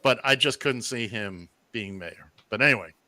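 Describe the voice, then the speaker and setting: A man's voice: mid-range voice, moderate pace, bright, forceful tone. A man from Long Island, co-hosting a casual political chat on the radio, blunt and opinionated. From Long Island, New York. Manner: blunt and opinionated, teasing the others. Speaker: radio show co-host.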